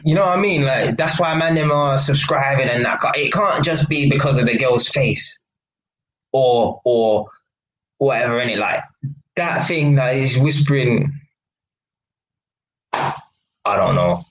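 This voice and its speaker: A man's voice: medium pitch, moderate pace, a bit bright, muffled recording, a little hiss or hum. A young man, chatting bluntly and mockingly on his own live stream. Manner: blunt and mocking, London slang, frequent laughs. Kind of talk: casual live stream chat. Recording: echoey room.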